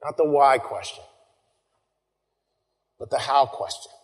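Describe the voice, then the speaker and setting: A man preaching a sermon, earnest, repeating phrases and dropping to soft, quiet lines. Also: medium pitch. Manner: earnest, pauses and repeats phrases, drops to soft near-whispers. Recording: long reverb.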